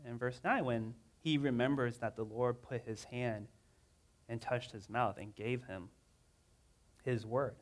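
Man, sermon, conversational preacher, dramatic scripture reading, medium pitch. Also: steady tone, unhurried. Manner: earnest, reads scripture dramatically with rising emotion; casual, conversational asides.

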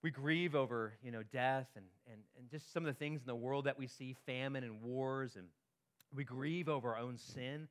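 A man's voice: medium pitch, moderate pace. A pastor giving a sermon in a conversational way, often checking in with his listeners and repeating words as he goes. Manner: conversational preaching, frequent tag questions and repeated words.

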